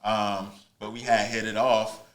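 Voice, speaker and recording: A man's voice: fairly low pitch, flat delivery, measured pace. A man guest on a podcast, telling stories in a laid-back, slangy way with lots of fillers. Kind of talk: casual storytelling chat.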